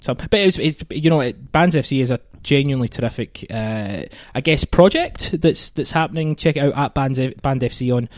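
A man's voice: medium pitch, fairly quick, few pauses, no echo, clean studio sound. A man hosting a podcast, chatting casually and rambling with self-mocking jokes and plenty of ums. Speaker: podcast host. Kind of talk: casual chat.

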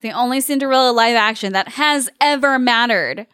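A woman's voice: on the high side, normal speed, a bit bright, clean tone, no room sound, clean studio sound. A woman co-hosting a podcast in casual chat, gushing and laughing often. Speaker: podcast co-host.

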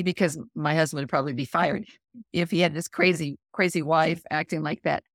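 A woman's voice: deep voice, a little fast, no echo, studio quality. A middle-aged woman telling a personal story as a guest author in an interview, acting out the lines of the people in it. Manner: animated storyteller acting out quoted lines, laughs.

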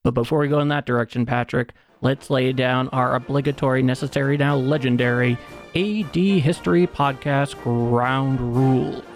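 A man's voice: normal speed, soft background music. A man co-hosting a history podcast, with a theatrical, rhetorical way of talking. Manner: theatrical, rhetorical delivery with sudden pitch leaps. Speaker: podcast co-host. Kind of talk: casual history podcast chat.

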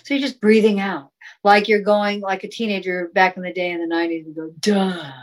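A woman's voice: mid-range voice, fairly even intonation, quick pace, low-quality recording. A woman guest in a talk conversation, explaining sound healing in an encouraging, flowing way and demonstrating chanted tones. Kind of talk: casual interview talk.

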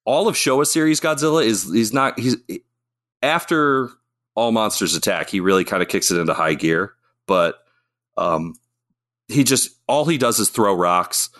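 A man's voice: fairly low pitch, lively intonation, moderate pace, a bit bright. A man in casual podcast chat, rambling enthusiastically about monster movies and acting out lines. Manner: enthusiastic, rambling, acts out quotes. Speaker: podcast co-host.

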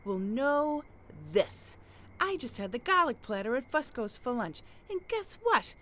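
A woman's voice: high voice, very animated, measured pace, fairly bright tone, exaggerated voice. An actress playing a brash, confrontational middle-aged neighborhood woman in a comedy sketch. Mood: combative. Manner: brassy, confrontational, working-class bluster.

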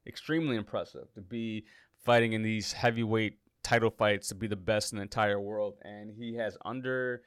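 A man's voice: on the low side, steady tone, normal speed, smooth, no echo, clean studio sound. A man hosting a casual fight preview, talking in a loose, joking way and often correcting himself as he rambles. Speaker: MMA podcast host.

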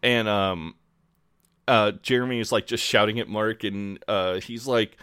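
Low-voiced man, dry close sound. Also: measured pace, clean tone, dry recording. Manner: relaxed, many fillers, acts out quotes. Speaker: podcast co-host. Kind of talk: casual chat recapping a show.

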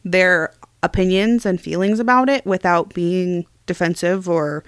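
A woman co-hosting a casual conversation, chatty and animated, laughing often as she talks. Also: lowish voice, unhurried, smooth, no room sound. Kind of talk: casual chat.

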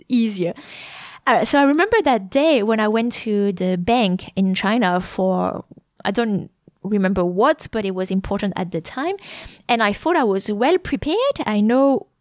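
A woman's voice: on the high side, a little mellow, no echo, clean studio sound. A woman in her thirties with a French accent, a French teacher explaining her course in a chatty way, often stopping to say sample sounds. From France. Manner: chatty, many fillers, demonstrates sounds.

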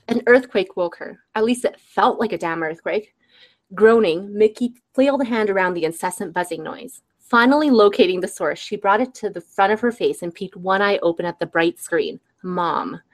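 A woman's voice: mid-range voice, moderate pace. Woman author reading her novel aloud. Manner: lively, chatty, laughs between passages. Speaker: guest author.

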